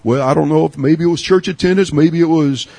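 A middle-aged man from Texas preaching a sermon, earnest, with repeats and restarts, rising high to urge and sinking low and quiet. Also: fairly quick, gravelly, dry recording. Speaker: pastor.

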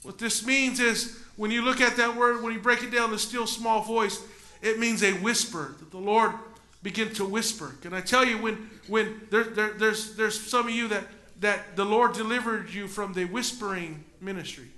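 A man preaching a sermon as pastor in a church, dropping from loud preaching to hushed talk and back. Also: high-pitched, steady tone, moderate pace, echoey room. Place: church sanctuary.

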